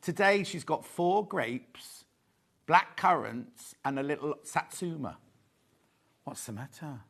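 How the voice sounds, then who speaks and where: A middle-aged man hosting a live fabric sales show, chatting excitedly and teasing the crew. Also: on the high side, slow, creaky, husky. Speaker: shopping show host.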